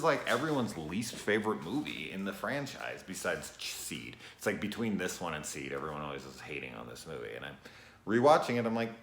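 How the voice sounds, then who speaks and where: A man's voice: deep voice, lively intonation, brisk, a bit bright, a little hiss or hum. A man giving a casual, profanity-laced spoken review of a horror film, rambling with a nervous sniff. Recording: echoey room.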